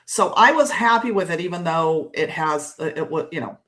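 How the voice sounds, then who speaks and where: A woman's voice: lowish voice, animated, normal speed, fairly bright tone. Rambling woman podcast co-host. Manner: self-deprecating, rambling. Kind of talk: casual podcast conversation.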